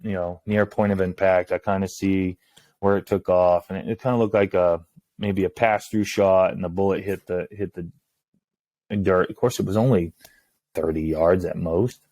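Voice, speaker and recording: A man, a hunting guide, telling a story in casual talk, acting out the lines of others in a hushed voice. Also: low-pitched, normal speed, no room sound. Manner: animated, acts out quoted lines in a hushed voice.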